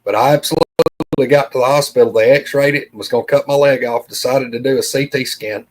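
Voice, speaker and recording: A middle-aged man with a drawl tells a personal story as a podcast guest. His voice sits in an ordinary middle pitch, and he speaks earnestly and plainly, walking through each conversation beat by beat. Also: steady tone, fairly quick, low-quality recording. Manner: earnest, plain-spoken, retells dialogue with "I said".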